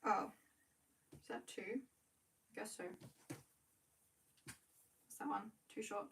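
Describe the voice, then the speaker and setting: A young woman with an Australian accent chatting casually to viewers on a livestream while she works, talking quickly and correcting herself as she goes. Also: medium pitch, creaky, fairly bright tone, a little hiss or hum. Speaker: small business owner livestreaming. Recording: voice a bit far from the mic.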